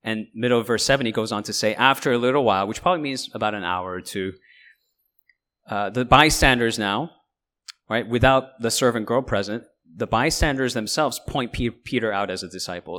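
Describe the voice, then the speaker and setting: A man's voice: medium pitch, fairly quick. A man giving a verse-by-verse Bible teaching, who explains in a conversational way and often checks in with "right?". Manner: explains and paraphrases in lively asides.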